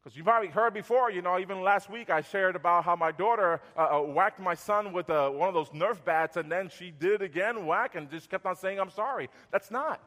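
A man in his thirties or forties preaching a sermon as pastor, conversational, repeating words and going soft when acting out apologies. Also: high-pitched, fairly quick, few pauses, long reverb tail.

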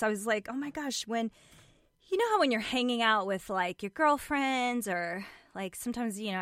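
A woman's voice: mid-range voice, fairly bright tone, clean tone, no room sound, studio quality. A woman giving a motivational self-help talk, speaking emphatically, repeating her points and addressing the listener directly as a friend.

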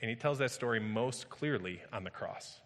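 A man's voice: medium pitch, normal speed, a bit bright. A man preaching a sermon as pastor, retelling scripture emphatically and vividly, often repeating his phrases. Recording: long hall reverb.

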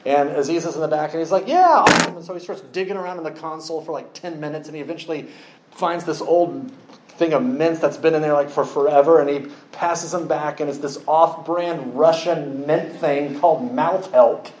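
A man preaching a sermon, telling a story with lively acted-out quotes. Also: on the high side, a little fast, echoey room, poor audio. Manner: animated storytelling, acts out quoted voices.

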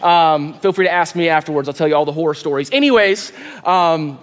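High-voiced pastor in a reverberant hall. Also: male voice. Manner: animated storytelling, quick asides to the audience. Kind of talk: sermon with a personal story. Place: large church hall.

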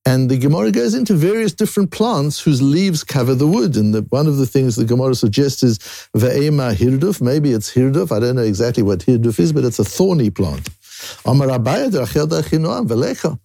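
Man, Talmud teacher; gravelly, mellow, dry close sound, restarts and climbs in pitch for emphasis. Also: fairly quick, no room sound. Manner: animated rising emphasis, frequent restarts, Hebrew and Yiddish terms. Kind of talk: Daf Yomi Talmud lesson.

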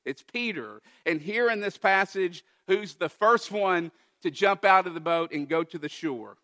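A man preaching a sermon, retelling a Bible passage with lively, emphatic quoted dialogue. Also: sits high, a little slow. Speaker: pastor.

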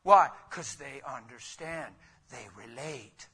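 A man preaching a sermon in a conversational, rhetorical way, with sudden loud bursts. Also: mid-range voice, takes it slowly, slightly rough. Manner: conversational, calls listeners "man" and "guys". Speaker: pastor.

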